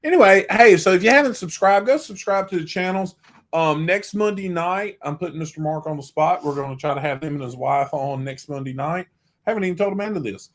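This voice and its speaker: A man's voice: a little high, expressive, a little fast, fairly bright tone. A man with a Southern US accent co-hosting a casual livestream, teasing and rambling as he chats. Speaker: co-host of a travel livestream.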